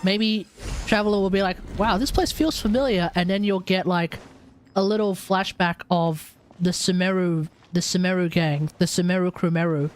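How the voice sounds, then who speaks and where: A man's voice: high voice, little pitch movement, normal speed, a little hiss or hum. An Australian man streaming a game, chatting and joking in a casual, rambling way. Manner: chatty, joking, restarts often. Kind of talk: casual gameplay commentary.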